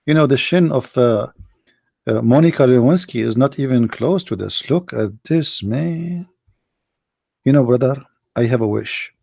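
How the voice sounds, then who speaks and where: A man voicing awestruck male devotees who gush to each other in hushed, mock-reverent tones. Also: mid-range voice, animated, a little slow, vocal fry, dry recording, studio quality, voice pushed down. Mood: awed hushed.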